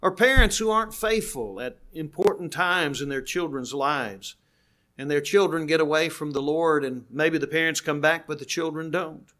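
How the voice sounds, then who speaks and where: Bright-voiced older man preaching. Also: fairly high pitch. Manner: earnest, slows down to stress key words. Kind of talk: sermon.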